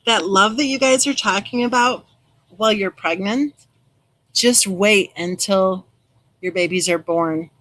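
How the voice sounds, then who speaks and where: On a rough-sounding recording, a middle-aged woman runs a casual true crime live stream, speaking a little slowly at medium pitch. She's chatty, reading out viewer comments and responding warmly to each commenter by name.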